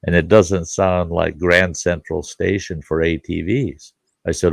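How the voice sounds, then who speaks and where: His voice sits low and creaky, steady in tone and measured in pace, recorded with no echo. This middle-aged man, a campground host and show host, leads a casual chat with a folksy story, voicing both speakers and swearing loosely.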